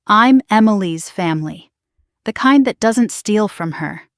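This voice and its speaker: A woman's voice: medium pitch, lively intonation, measured pace, dry recording, clean studio sound. A woman voicing a loyal, no-nonsense friend who speaks in an ice-cold, firm way. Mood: icy.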